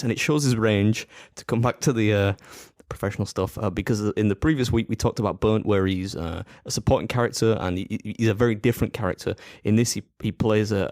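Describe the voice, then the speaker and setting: A low-voiced man bantering quickly on a casual podcast, tossing in jokes as he goes. The sound is dry and close, with no room around it. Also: a little mellow, no echo. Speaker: podcast co-host. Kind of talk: casual chat.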